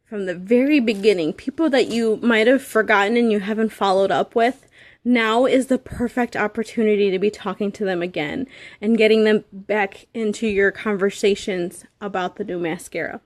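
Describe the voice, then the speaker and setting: A woman in her thirties giving an earnest, halting motivational talk to her sales team, getting emotional at times. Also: medium pitch, no echo. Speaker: direct sales seller.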